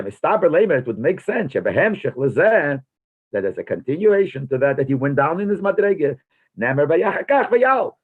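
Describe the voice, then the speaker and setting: A man's voice: on the high side, breathy edge. A rabbi teaching a text-study class. He reads a phrase aloud, then translates and explains it, posing questions as he goes. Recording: tinny phone-like lo-fi recording.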